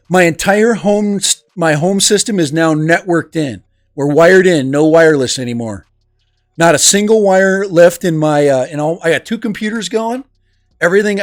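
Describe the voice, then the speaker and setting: A man who is a livestream host and teacher rambles and laughs as he reads the chat aloud, broadcasting casually from a room at home. His voice is fairly high, and the desk microphone gives a dry, close sound with music playing behind him.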